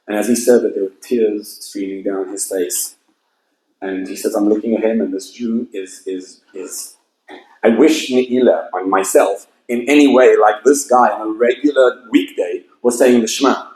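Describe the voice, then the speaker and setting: A man's voice: lowish voice, moderate pace, darkish tone, reverberant, low-quality recording. A man, a rabbi, preaching a sermon with passionate, emphatic storytelling at an evening event. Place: event hall with audience.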